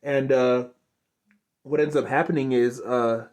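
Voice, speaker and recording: A young man giving an unscripted, rambling review of a cartoon episode, gushing and excitable, full of filler words. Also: mid-range voice, measured pace. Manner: rambling, lots of filler likes and restarts. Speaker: show reviewer.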